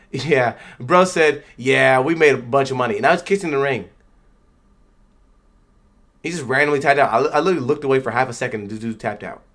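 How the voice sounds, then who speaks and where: Bright, excitable male streamer. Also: medium pitch, normal speed, long pauses. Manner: slangy, loose and excitable; talks back at the screen. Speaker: livestream host. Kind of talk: live reaction commentary.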